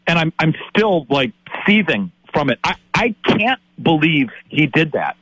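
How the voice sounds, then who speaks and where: Husky fifty-something man ranting. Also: on the high side, big pitch swings, a little slow, fairly bright tone, dry recording, low-quality recording. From Wisconsin. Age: 50s. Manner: exasperated ranting, lots of repeated words. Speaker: sports talk host. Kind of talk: heated sports talk.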